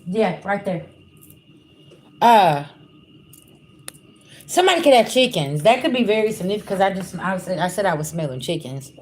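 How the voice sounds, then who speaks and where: Woman, spiritual reader, casual livestream, blunt, swears freely, talks right to the viewers, mid-pitched voice. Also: very animated, moderate pace, pauses often. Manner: blunt, profane, talks straight to viewers as "y'all".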